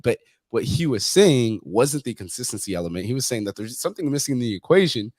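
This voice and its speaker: A man's voice: mid-range voice, sing-song, fast, a little mellow, dry recording, clean studio sound. A man talking as a fitness coach in a casual interview, blunt and profane, telling stories with quoted exchanges. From Mexican heritage.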